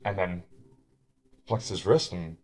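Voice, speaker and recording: A man's voice: low-pitched, slow pace, darkish tone. Man narrating as game master. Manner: rambling, many restarts and fillers.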